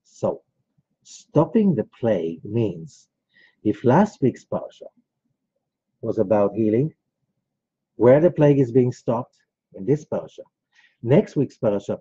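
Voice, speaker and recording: Man teaching a class, very dark mellow voice, husky, chatty storytelling, dull lo-fi recording. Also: medium pitch, no room sound. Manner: conversational, rambling, with frequent asides. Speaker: rabbi teaching Kabbalah. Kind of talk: informal lecture with storytelling.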